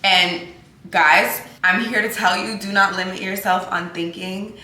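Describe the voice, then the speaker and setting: With a medium-pitched, bright, forceful voice, fairly even intonation and a measured pace, a tired, sleepy woman chats casually and candidly to her vlog viewers. The recording has roomy echo and faint background noise.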